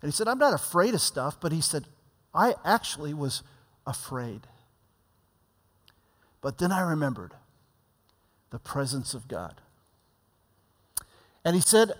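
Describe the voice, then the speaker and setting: A man's voice: high voice, big pitch swings, unhurried, long pauses, fairly bright tone. A man preaching a sermon, telling stories and acting out the people in them, his voice rising and dropping for emphasis. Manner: storytelling preacher, voice swells and drops for emphasis. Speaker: pastor. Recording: long hall reverb.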